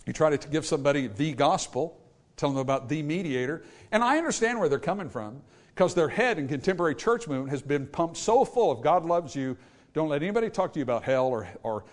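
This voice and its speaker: Man preaching with lively, high pitch. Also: fast. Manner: swings from hushed asides to loud preaching peaks; acts out quoted people in character voices. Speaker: pastor. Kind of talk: sermon.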